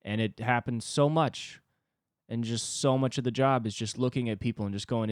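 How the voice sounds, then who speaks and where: A man's voice: mid-range voice, fairly even intonation, brisk, darkish tone, smooth, dry recording, clean studio sound. A young man hosting a solo podcast, telling a frustrated, profanity-laced story and reflecting on his own anger. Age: young adult. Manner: ranting, profane, self-reflective. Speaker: podcast host. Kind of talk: solo confessional monologue.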